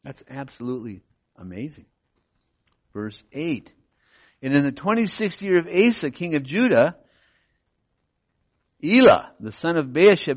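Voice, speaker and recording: Man teaching verse by verse, muffled. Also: medium pitch. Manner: reads verses aloud then explains, often asks "Okay?". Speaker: pastor. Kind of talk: Bible teaching. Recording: dull, muffled recording.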